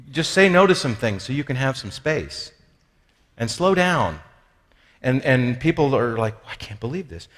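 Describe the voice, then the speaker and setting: In a big hall with long reverb, a speaker on spiritual formation delivers a lively, funny teaching talk. His voice is medium in pitch with a fairly bright tone. He chats conversationally, makes self-deprecating jokes, and acts out quoted voices.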